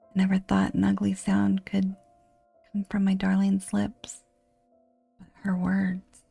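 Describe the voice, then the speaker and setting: A woman reading a horror game aloud in a hushed, breathy whispered role-play. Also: mid-range voice, monotone, slow, long pauses, no room sound, faint music behind. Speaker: game narrator.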